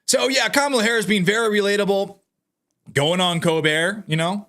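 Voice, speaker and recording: A man's voice: high voice, moderate pace. A man giving sarcastic political commentary in a casual vlog, talking straight to his viewers. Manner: sarcastic, mocking; animated, addresses viewers directly.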